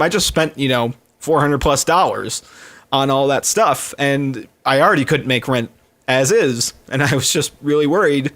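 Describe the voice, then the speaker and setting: A man's voice: a little high, moderate pace, fairly bright tone. A man streaming live, chatting casually to his viewers in a rambling, heartfelt way with many fillers and restarts.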